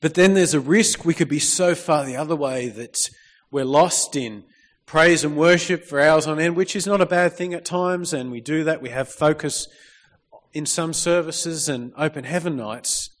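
This sermon comes from a man whose voice sits a little high and moves at a moderate pace. Reading from scripture, he keeps things lively by asking the congregation for amens, all echoing with the lengthy reverb of a church hall.

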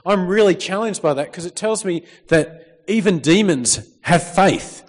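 A man with a high voice preaches a lively sermon in a church hall, speaking at a normal speed with few pauses. He reads scripture and calls out to the congregation for amens. The recording carries the long reverb of the hall.

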